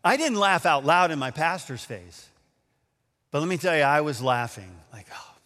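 Bright animated preacher in an echoey hall. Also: male voice, a little high, normal speed. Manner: animated storytelling, acts out quotes, laughs at himself. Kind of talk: sermon with storytelling.

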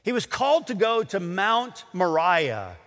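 A man's voice: high voice, very animated, measured pace, a bit bright, big-room sound. A man preaching a sermon with impassioned, dramatic delivery and stammered restarts.

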